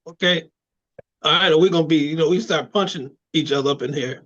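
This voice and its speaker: Blunt man, slightly high, dull recording. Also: steady tone, brisk, a bit bright. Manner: blunt and emphatic, swears freely. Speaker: podcast co-host. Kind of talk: casual chat.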